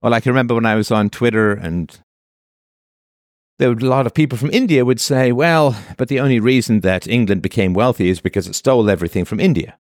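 A man's voice: mid-range voice, fast talker, a little mellow, dry recording, clean studio sound. A man delivering a monologue of commentary in a sarcastic manner, now and then mocking the voices of the people he quotes.

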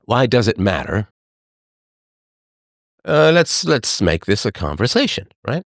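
A middle-aged man hosting a livestream, talking to his chat in a sarcastic, animated monologue. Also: a little slow, dry recording, studio quality. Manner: animated, sarcastic, mimics others in higher voices. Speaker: livestream host. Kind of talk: casual monologue to live chat.

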